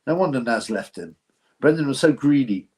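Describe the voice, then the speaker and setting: A man's voice: mid-range voice, expressive, moderate pace, dark tone. A man hosting a live boxing stream, chatting casually to viewers in a blunt, rambling, slangy way. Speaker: host of a live boxing show.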